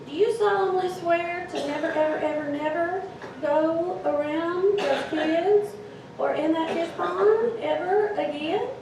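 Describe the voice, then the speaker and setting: A woman voicing a stern, old-fashioned mother scolding her children in a slow, drawn-out warning. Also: very high-pitched. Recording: echoey hall, distant mic, noisy.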